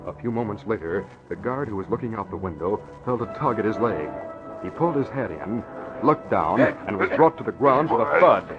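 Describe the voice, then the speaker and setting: A male narrator tells an old radio drama in measured, dramatic tones. His voice sits fairly low. Music plays behind him, and the recording sounds muffled and dated. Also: expressive.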